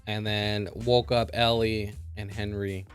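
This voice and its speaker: Man, lowish voice, casual episode recap, excitable, lots of fillers, faint music underneath. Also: slow pace, smooth. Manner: excitable, heavy filler words. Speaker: show reviewer.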